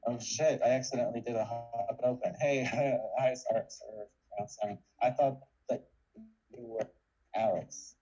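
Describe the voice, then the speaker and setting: A man in loose, joking banter, mock-formal and quick to swear. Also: mid-range voice, dark tone, breathy edge, muffled recording.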